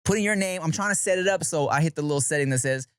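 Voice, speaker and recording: A man's voice: on the high side, rapid-fire, a bit bright, clean tone, no echo, studio quality. A man hosting a podcast, telling a story in casual chat with slang and swearing. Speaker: podcast host.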